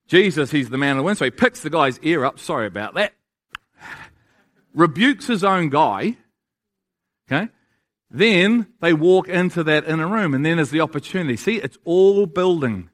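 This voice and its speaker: Guy preaching a sermon, pretty high voice, punchy, keeps throwing questions at the crowd. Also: expressive, moderate pace, fairly bright tone. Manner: emphatic, asks the audience rhetorical questions.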